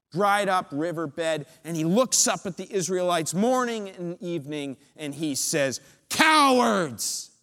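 A man preaching a sermon, retelling a story with dramatic build-up and pauses. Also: sits high, a bit bright, big-room sound.

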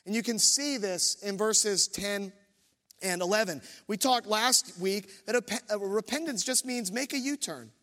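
Male pastor, thirties, high voice, self-deprecating storyteller, church hall with long reverb. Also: measured pace, pushed and bright. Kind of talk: sermon with personal story.

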